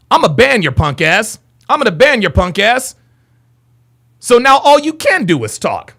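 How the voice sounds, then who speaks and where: A man's voice: high-pitched, sharp tone. A young man hosting a livestream, ranting and taunting viewers in a brash, repetitive way. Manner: brash, taunting, repeats himself. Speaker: livestream host. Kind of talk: heated livestream rant at chat.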